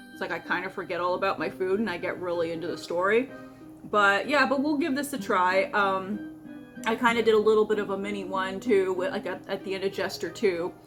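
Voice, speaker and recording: A young woman hosting a casual food vlog, rambling with many fillers and restarts. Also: mid-range voice. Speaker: vlogger and host.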